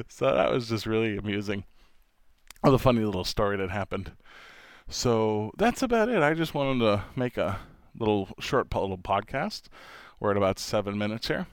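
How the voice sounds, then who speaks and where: Brief: chatty New York-born man, low but animated, dry close mic. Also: moderate pace, no room sound. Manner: rambling and chatty, laughs often. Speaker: podcast host, father. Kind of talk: casual solo podcast monologue.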